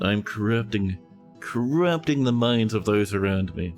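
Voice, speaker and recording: Kiwi guy streaming a game, soothing lowish voice, bouncy playful teasing, soft guitar in the background. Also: a little slow. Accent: New Zealand. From New Zealand. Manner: playful, teasing chat with mock-dramatic asides. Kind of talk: casual live-stream commentary.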